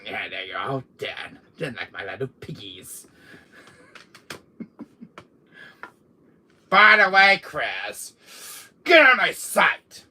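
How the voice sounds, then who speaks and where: A man's voice: deep voice, measured pace, pauses often, bright, forceful tone, a little hiss or hum. A man playing a vain, menacing male game villain who boasts, curses and slips into whispers during a live stream. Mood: gloating. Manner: boastful, cursing, drops into whispers. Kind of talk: in-character live stream, toy pick-up.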